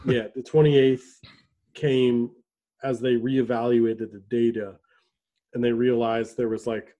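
A man co-hosting a casual podcast chat, rambling with restarts and throat clearing. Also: mid-range voice, flat delivery, slow pace, dark tone, dull audio. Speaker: podcast co-host.

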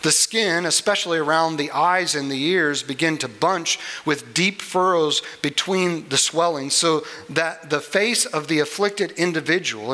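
A man preaching a sermon, earnest and unhurried, with small restarts as he explains a Bible passage. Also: a little high, sharp tone, low-quality recording. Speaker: pastor.

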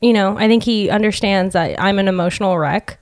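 A woman's voice: medium pitch, brisk, a little mellow. A young adult woman chatting openly on a podcast and laughing often. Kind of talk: casual podcast chat.

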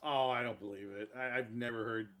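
A man co-hosting a podcast in casual chat, opinionated and quick to react. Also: mid-range voice, fairly even intonation, crowd noise. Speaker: podcast co-host.

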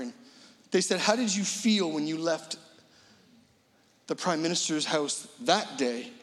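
High-voiced preacher in a reverberant hall. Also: male voice. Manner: dramatic swings between loud emphatic lines and hushed low ones. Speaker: guest pastor. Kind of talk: sermon. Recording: long reverb of a large hall.

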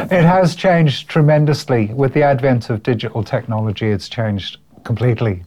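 A man's voice: mid-range voice, a little mellow. Older Liverpool man reminiscing. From Liverpool, England. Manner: chatty and reminiscing, chuckles often, repeats words. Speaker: guest musician. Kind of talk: casual interview storytelling.

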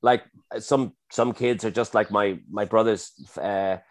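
Interviewed as a guest, a middle-aged chef talks casually and self-effacingly, often restarting his sentences. His voice sits on the low side, steady in tone and unhurried.

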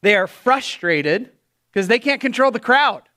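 High bright-voiced male preacher. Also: unhurried. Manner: animated, acts out quoted voices. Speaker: pastor. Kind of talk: sermon.

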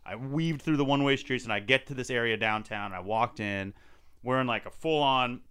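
A man's voice: medium pitch, a little fast, pushed and bright, clear, resonant tone. A middle-aged man telling a story in casual podcast chat, acting out the people he quotes. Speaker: podcast guest.

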